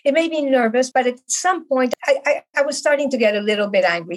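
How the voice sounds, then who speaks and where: In a rough recording, a Canadian woman in middle age speaks high and fast with few pauses. She's a guest on a podcast, telling her story earnestly in conversation and leaning on repeated words for emphasis.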